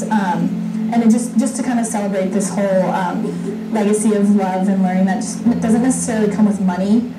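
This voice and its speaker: A woman in her twenties from New Mexico introducing herself as a college student, hesitant and soft-spoken. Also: mid-range voice. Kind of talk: interview-style self introduction. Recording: roomy distant recording with music. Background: instrumental music.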